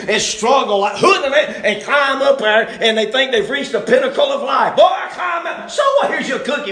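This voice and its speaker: A man preaching a sermon in a folksy, animated way that swings from loud bursts to low asides. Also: echoey room.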